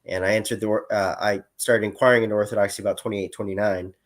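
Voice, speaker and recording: A man's voice: fairly low pitch, fairly even intonation, fast. A man around thirty, a guest calling into a livestream, talking casually with many fillers and restarts. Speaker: guest caller. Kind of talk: casual chat.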